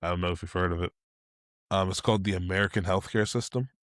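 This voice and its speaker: A man co-hosting a casual tech podcast, lively and quick to laugh, short on sleep. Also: deep voice, dry recording, studio quality. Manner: animated, laughs through stories. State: sleep-deprived. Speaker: podcast co-host.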